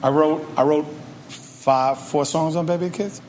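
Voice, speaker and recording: Profane, energetic storytelling man. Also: on the high side, takes it slowly, slight background noise. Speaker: guest rapper. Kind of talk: storytelling podcast interview.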